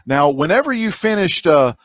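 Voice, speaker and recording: A man's voice: on the high side, sing-song, moderate pace, no room sound. Eager man hosting a casual interview. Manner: enthusiastic, slangy, rambling questions. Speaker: host.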